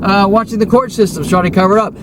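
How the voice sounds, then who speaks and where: High-voiced man ranting angrily. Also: steady tone, fast. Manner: agitated, profane, rambling and repetitive. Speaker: vlogger. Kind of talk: unscripted rant to camera. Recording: noisy recording with vehicle sounds.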